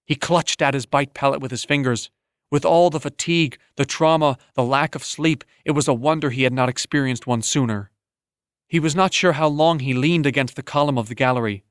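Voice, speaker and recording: A man narrating an audiobook in a steady, measured storytelling manner on a close studio mic. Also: mid-range voice, smooth, no room sound. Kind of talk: scripted narration.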